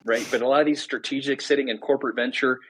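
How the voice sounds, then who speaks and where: A man's voice: mid-range voice, steady tone, quick pace, fairly bright tone, slightly rough, poor audio. A middle-aged man, a podcast guest, telling his story candidly and explaining ideas in a conversational way.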